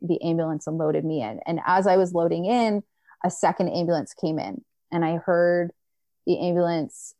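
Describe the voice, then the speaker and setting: A young woman recounts a personal story in an easy, chatty way, with lots of "like" fillers. Her voice sits a little low and sounds mellow and warm. The sound is dry and close. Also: normal speed, no room sound. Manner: animated retelling, acting out quoted people, many filler likes.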